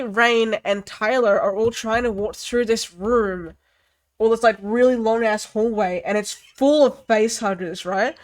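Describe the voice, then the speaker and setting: A young woman reviewing a film in a casual, animated rant, swearing freely and filling pauses with "like" and "um.". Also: on the high side.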